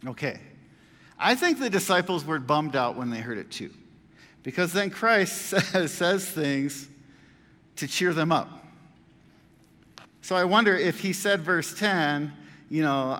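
A man preaches in a relaxed, chatty way, like a pastor talking straight to his viewers. His voice sits a little high and jumps up in pitch and volume on emphatic lines, then falls to quiet asides. A long reverb tail follows his words. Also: measured pace. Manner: animated, conversational, swings between loud emphasis and quiet asides. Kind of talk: casual video sermon.

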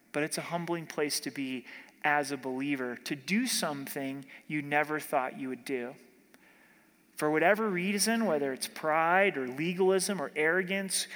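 A male pastor preaches a sermon in a chatty, conversational way and acts out bits of dialogue with everyday examples. His voice sits fairly high, and a long reverb trails it through a church hall. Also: a bit bright. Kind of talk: expository sermon.

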